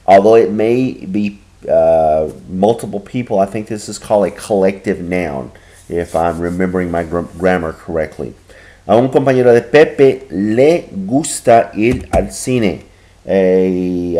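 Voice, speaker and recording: A man teaching a recorded grammar lesson, explaining patiently and slowing down to repeat each example. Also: lowish voice, dark tone. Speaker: Spanish teacher.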